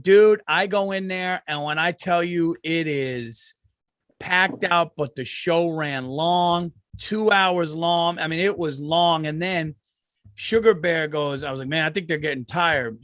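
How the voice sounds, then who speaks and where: A male podcast host in casual chat, telling animated stories and swearing freely. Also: a little high, dry recording, clean studio sound.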